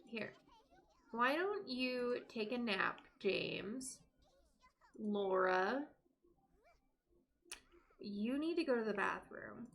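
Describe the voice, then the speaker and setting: A woman's voice: fairly high pitch, lively intonation, drawn-out words, creaky, long pauses, a bit bright. A young woman streaming a life-sim game, chatting casually to her characters and to her viewers. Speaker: live streamer. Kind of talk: casual gameplay commentary.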